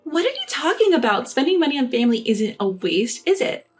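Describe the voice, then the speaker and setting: Picture a shrill, entitled sister-in-law, put on by a woman narrator in a storybook reading, her voice pitched well above the teller's own. She lectures and demands, condescending in every line. Soft music sits faintly under the read. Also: big pitch swings, fairly quick.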